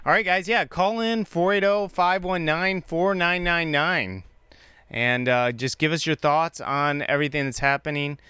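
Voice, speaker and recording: A man's voice: fairly high pitch, measured pace, clean tone, dry recording. A man hosting a live call-in show, chatting casually and agreeing with his callers. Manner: relaxed, chatty, often agreeing.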